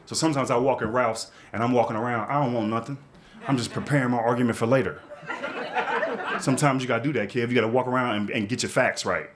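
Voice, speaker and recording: A man in his thirties doing a stand-up comedy set, telling stories in a loose, conversational way with big animated swings. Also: mid-range voice, fast talker. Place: comedy club stage with live audience. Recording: live set with loud crowd laughter.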